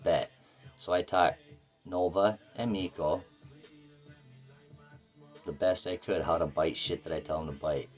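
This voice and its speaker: A man's voice: deep voice, steady tone, measured pace, long pauses, faint music behind. A man telling a rambling, profane story about his life in a casual, blunt way. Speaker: vlogger.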